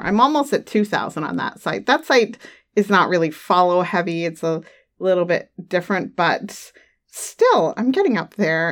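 A woman's voice: mid-range voice, gravelly. Giggly woman rambling thru her monthly update, voice bounces up and down a lot, home mic, bit of a runny nose. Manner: chatty and giggly, trailing off with fillers. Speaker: adult audio creator. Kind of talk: casual monthly update monologue. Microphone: studio microphone at home.

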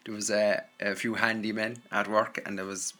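An Irish man talks in a loose, rambling monologue, working through listener messages with plenty of fillers and self-deprecating asides. His voice sits low but comes across forceful and pressing. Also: little pitch movement, normal speed. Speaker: audio content creator answering listener messages.

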